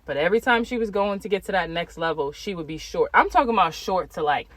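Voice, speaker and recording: A middle-aged woman talks in a casual podcast monologue, her voice sitting low in pitch. She is candid and animated, jumping up for emphasis and sinking quiet for asides, with a bit of swearing. The sound is close and dry. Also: fast, no room sound. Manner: candid, uses mild swearing. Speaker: podcast host. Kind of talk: casual spiritual talk.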